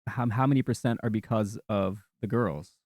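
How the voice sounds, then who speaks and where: A man's voice: on the low side, normal speed, a little mellow, no echo, studio quality. A man interviewing a guest, asking loose questions full of fillers.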